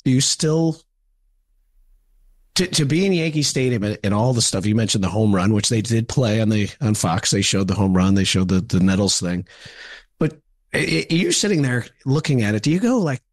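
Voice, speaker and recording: A man hosting a podcast, throwing in quick agreement and asking loose, rambling questions. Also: fairly low pitch, expressive. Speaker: podcast host. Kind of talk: casual chat.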